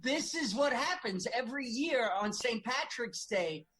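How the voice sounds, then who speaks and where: A man's voice: very high voice, animated, a little slow, crowd noise. A middle-aged man from Brooklyn, a comedian guesting on a podcast, telling stories wryly and swearing casually. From Brooklyn, New York. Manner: wry storytelling, swears casually.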